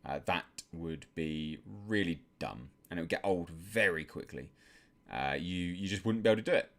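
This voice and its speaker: Reading out chat questions on his live stream, a man with an English accent responds softly and deliberately, with plenty of filler words. His voice sits low.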